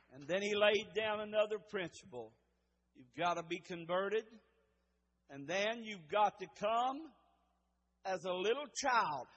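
A man preaching a sermon in a church, building up to shouted emphasis and stretching out key words. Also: high voice, expressive, measured pace. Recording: long hall reverb.

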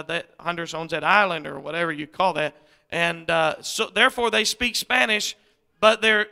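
A man's voice: sits high, gravelly, pushed and bright, clean tone. A middle-aged man, preaching as a visiting missionary in a folksy, rambling way. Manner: folksy, rambling, many fillers and restarts. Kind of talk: sermon.

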